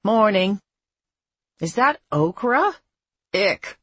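A woman's voice: medium pitch, sing-song, very slow, fairly bright tone, husky, no echo, voice pushed up, full character voice. A woman narrator voicing a sardonic, languid young woman who speaks in a dry, bored, sarcastic way.

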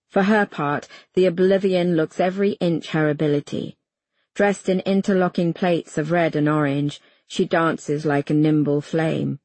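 A woman's voice: low voice, a little mellow, dry recording. A woman narrating a first-person novel as an audiobook, telling it in a tense, urgent way and voicing the heroine's lines. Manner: tense, urgent storytelling with voiced dialogue.

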